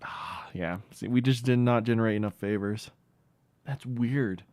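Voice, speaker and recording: Unhurried and dry-recorded, a man's medium-pitched voice has a darkish yet clean tone. He's a gaming streamer offering casual commentary, chatting and reasoning aloud as he plays.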